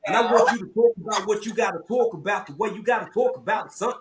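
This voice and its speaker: A man's voice: high voice, fast talker, a loud crowd. A man hosting a casual livestream chat, playful and teasing, calling everyone "y'all". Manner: laid-back, playful, teasing, drawls "y'all". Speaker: host.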